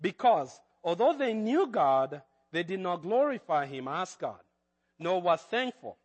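A man's voice: sits high, sing-song, a little slow, in a large hall. A man with a Kenyan accent preaching a sermon as pastor, with hesitant fillers that build to fervent emphasis.

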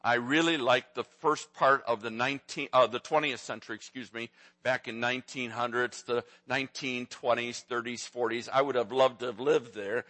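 A man in his sixties preaches with a bright, forceful voice. He tells folksy stories and jokes with the congregation, and his pitch sits in an ordinary middle range. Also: fairly even intonation, moderate pace, no room sound. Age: 60s. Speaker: pastor. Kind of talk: sermon.

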